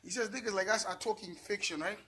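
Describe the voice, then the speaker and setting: Middle-aged zimbabwean guy ranting on his vlog, swearing a lot, high bright voice. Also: fast talker, slight background noise. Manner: profane, repetitive, heated. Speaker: vlogger. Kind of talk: angry rant to camera.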